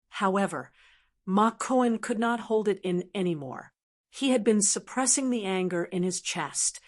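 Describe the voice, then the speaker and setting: A woman narrating a martial arts audiobook in an even, measured storytelling manner. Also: medium pitch. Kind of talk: scripted narration.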